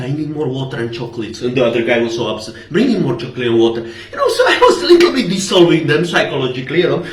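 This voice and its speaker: Animated high-voiced man telling a story. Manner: animated, swearing, acts out quoted dialogue. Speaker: travel storyteller. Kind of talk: casual storytelling. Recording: echoey room, far from the mic.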